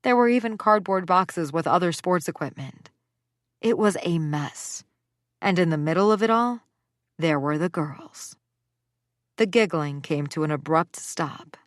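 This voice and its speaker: A woman narrates an audiobook in the first person, giving the lines expression. Her voice sits on the low side. The sound is dry and close, with no room around it. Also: animated, unhurried, no room sound.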